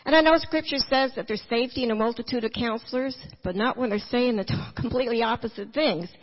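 A woman's voice: fairly high pitch, fast. A woman giving a personal testimony in church, telling her story with humor and acting out the dialogue. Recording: dull, echoey church hall recording.

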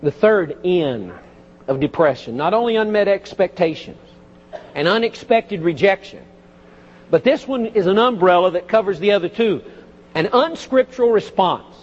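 A pastor delivers a sermon from the pulpit of a church sanctuary, his voice unusually high and husky at a normal speed. His delivery rises and falls with lively emphasis and folksy asides. The audio is dull, with a long church echo trailing each phrase.

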